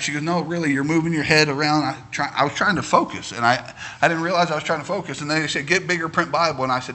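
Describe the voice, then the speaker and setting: A man's voice: on the high side, fast, pushed and bright, a little hiss or hum. A middle-aged male pastor preaching a sermon, telling homey stories that build into fervent preaching.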